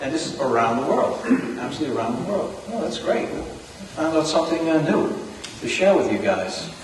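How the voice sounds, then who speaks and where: A man's voice: a little high, sing-song, a crowd in the background. New York man in an echoey hall. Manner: chatty, halting, many fillers and restarts. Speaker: club member presenting new business. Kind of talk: casual meeting talk. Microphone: distant room recording. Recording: echoey hall recorded from far off.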